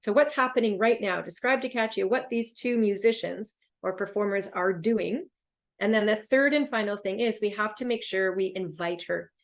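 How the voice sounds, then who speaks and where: A woman with a Canadian accent teaching a test-prep webinar, speaking with lively, rising and falling intonation. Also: mid-range voice, normal speed. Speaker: English test instructor.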